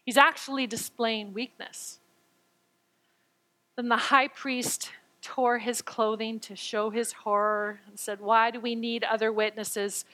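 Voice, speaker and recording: Bright-voiced woman preaching a sermon. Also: fairly high pitch, slow, poor audio. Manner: expressive, acts out quoted lines, stammers when excited. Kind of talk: sermon reading and explaining scripture.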